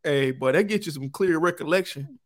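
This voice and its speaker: A man's voice: fairly high pitch, a little fast. A young man, co-hosting a podcast and telling stories in a playful, slangy way with lots of laughter. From Mississippi, USA. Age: 20s. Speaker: podcast co-host. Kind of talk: casual chat.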